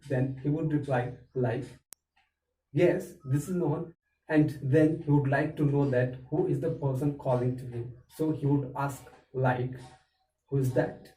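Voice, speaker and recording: A man teaching an English lesson, explaining phrases and repeating them slowly for learners. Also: mid-range voice, dark tone. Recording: echoey room, mic far off.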